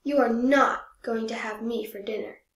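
A woman's voice: on the high side, fairly even intonation, normal speed, recorded from a distance, lightly acted. A woman voicing a grumpy young tulip. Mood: hostile. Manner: complaining, bossy shouting at the geese. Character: grumpy young tulip who wants peace. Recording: echoey room.

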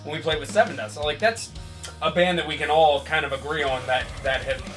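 Band guy rambling, swears a bunch, a bit high, kinda far from the mic. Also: fairly quick. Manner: loose, rambling, profane. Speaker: band member. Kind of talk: casual storytelling interview. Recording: music behind, voice from off mic.

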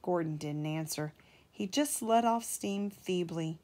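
A woman's voice: fairly low pitch, unhurried, dark tone. Mother reading a storybook aloud. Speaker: mother reading to her child. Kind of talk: children's storybook read-aloud.

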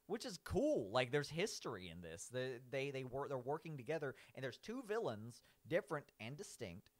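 A man's voice: medium pitch, very animated, normal speed. A man giving casual, rambling commentary as he rates cartoon villains. He keeps saying "like", restarts his sentences and laughs at his own points.

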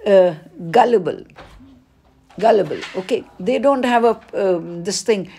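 A woman, teaching as she works through an exam paper, reading each question aloud and then explaining the answer with pauses. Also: mid-range voice, gravelly, mellow, a little hiss or hum. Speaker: English teacher. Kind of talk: exam paper walkthrough lesson.

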